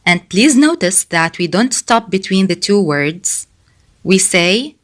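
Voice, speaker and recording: A woman's voice: medium pitch, expressive, takes it slowly. A woman teaching a pronunciation lesson, patiently drilling each sound over and over. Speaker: Arabic teacher.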